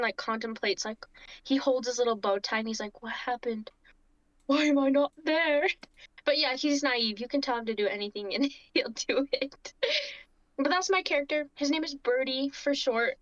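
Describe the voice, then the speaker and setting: A high-voiced woman describes her tabletop character in a giggly, rambling, hesitant way. Her voice is close and dry with no room around it. The sound is dull and lo-fi. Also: a bit bright, no room sound. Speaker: player.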